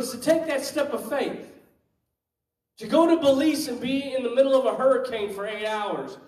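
Male minister, high voice, lively story-teller doing the voices, echoey room, distant mic. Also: moderate pace. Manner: animated, acts out quoted voices. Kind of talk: storytelling testimony.

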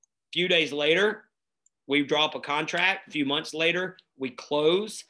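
A man tells a story in a lively, chatty way, leaning on fillers and tag questions. His voice is bright and forceful, and sits a little higher than most men's. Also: a little slow. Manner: energetic, chatty, many fillers and "right?". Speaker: nonprofit founder and guest. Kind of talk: casual storytelling conversation.

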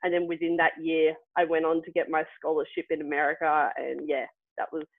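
A woman's voice: deep voice, little pitch movement, fairly quick. Young woman, athlete guest telling her story; chatty, filler-heavy, phone-line sound with no room echo. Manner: chatty, laughs often, many fillers. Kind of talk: casual storytelling interview. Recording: tinny dry phone-like line.

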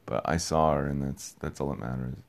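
A young man talking in a casual, rambling monologue, repeating himself, getting excited and swearing offhand. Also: extremely low pitch, fairly quick, creaky. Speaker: podcast host.

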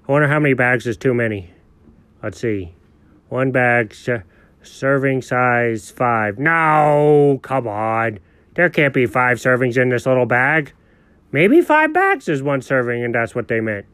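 A man voicing a goofy, gullible male house dog who talks slowly to himself. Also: mid-range voice, expressive, fairly bright tone, smooth, dry recording. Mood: dopey. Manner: slow, dopey and self-talking.

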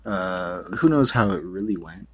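Solo podcast host, male, lowish husky voice, meandering and profane, dry close sound. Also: expressive, unhurried, a bit bright, no echo. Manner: loose, profane, meandering with many fillers. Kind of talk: rambling monologue.

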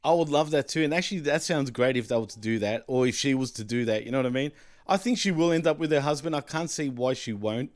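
A man co-hosting a casual wrestling podcast, chatty and quick to laugh, often saying "let's be honest". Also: mid-range voice, expressive, dry recording. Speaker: podcast co-host.

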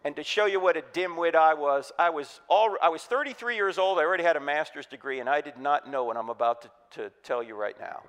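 Joking, high-voiced preacher man in a hall. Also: brisk, few pauses. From New Jersey. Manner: energetic, joking, quizzes the audience. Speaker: Christian speaker. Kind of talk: humorous apologetics sermon. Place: church hall. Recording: reverberant hall.

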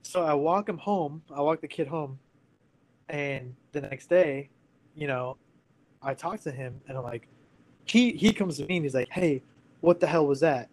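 A man's voice: on the high side, unhurried, long pauses, a little mellow, rough recording. Earnest man in his thirties. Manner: candid and earnest, full of fillers like "like" and "you know". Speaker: guest telling a personal story. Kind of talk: casual conversational storytelling.

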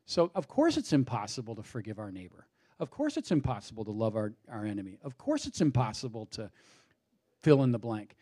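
A man's voice: on the low side, sing-song, brisk, dark tone. A man preaching a sermon, asking rhetorical questions and building his points with rising emphasis. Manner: out of breath at times. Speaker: pastor.

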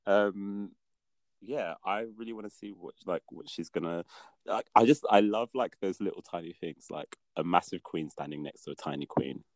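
A man co-hosting a casual podcast, chatty and animated, laughing easily as he talks. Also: low-pitched, normal speed, no echo. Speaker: podcast co-host. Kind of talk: casual chat.

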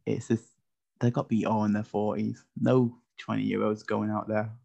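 A man's voice: on the low side, little pitch movement, normal speed, gravelly, a little mellow. A man with a lisp hosting a podcast, chatting casually and joking around, often tripping over his words. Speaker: podcast host. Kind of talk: casual chat. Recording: dull lo-fi podcast audio.

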